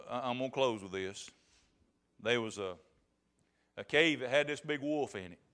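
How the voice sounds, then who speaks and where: A man's voice: medium pitch, fairly bright tone, clear, resonant tone. Folksy preacher man. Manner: folksy, emphatic storytelling. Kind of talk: sermon.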